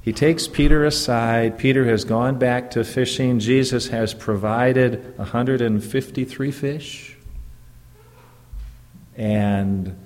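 Slow-preaching pastor in a reverberant hall. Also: male voice, medium pitch, darkish tone, slight background noise. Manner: slow, deliberate preaching with emphatic rises. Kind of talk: sermon. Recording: long reverb of a church hall.

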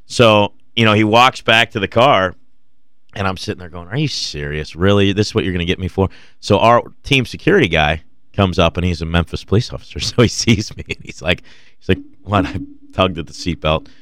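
A man's voice: deep voice, a little fast, fairly bright tone, no room sound, studio quality. A man co-hosting a radio show, telling casual stories full of quoted dialogue and laughter. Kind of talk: casual storytelling chat.

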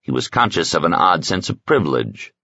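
Deep-voiced male narrator, measured and even, dry close audio with a dull top end. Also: creaky, slightly rough, no echo. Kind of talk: scripted narration.

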